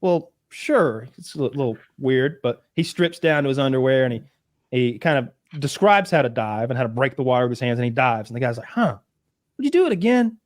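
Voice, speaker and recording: A man co-hosting a casual podcast chat, telling stories with animated bursts and acted-out quotes. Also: medium pitch, fast talker, no echo, studio quality. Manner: animated storytelling, acts out quotes in loud bursts. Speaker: podcast co-host.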